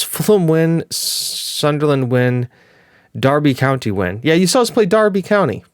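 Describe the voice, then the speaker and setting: A young man chats through his game like he is catching up with regular viewers, wandering between thoughts and fixing his slips as he goes. His pitch sits in the middle range for a man. The recording is dry and close, with no room around the voice. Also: no room sound. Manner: chatty, rambling, with fillers and self-corrections. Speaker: gaming video host. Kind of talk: casual gameplay commentary.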